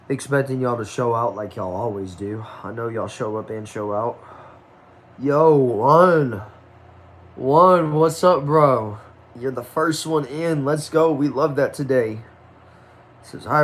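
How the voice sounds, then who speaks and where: Sleepy and worn out, a chatty man from the United States hosts a live stream in a mid-range voice with slight background noise. He reads viewer comments, greets people by name, and asks for more.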